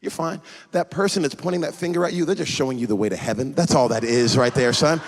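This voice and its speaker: A man acting out his father calmly coaching him through a first stick-shift drive, softer and lower than his usual talk. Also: fast, slight background noise, natural voice. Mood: reassuring. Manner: soft, calm, encouraging. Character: gentle reassuring father coaching his son.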